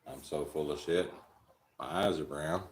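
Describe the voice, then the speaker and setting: A man's voice: extremely low pitch, measured pace, roomy sound, a little hiss or hum. A man hosting a live stream, telling rambling, crude, joking stories and chuckling often. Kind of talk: casual storytelling chat.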